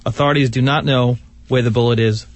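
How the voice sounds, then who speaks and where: A man's voice: medium pitch, fairly even intonation, fast, no room sound. A man with a Brooklyn accent, a show producer reading a news story in a matter-of-fact way.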